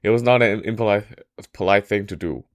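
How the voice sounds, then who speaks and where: A man telling a history story in a casual podcast style, halting often and correcting himself mid-sentence. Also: on the low side. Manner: halting, frequent restarts and self-corrections.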